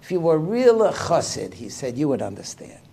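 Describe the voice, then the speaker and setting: Animated man teaching, slightly high voice. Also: moderate pace, vocal fry, slightly rough. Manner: animated, emphatic, reads Hebrew text aloud and explains it. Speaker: rabbi teaching a lesson. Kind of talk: livestreamed lecture on liturgy.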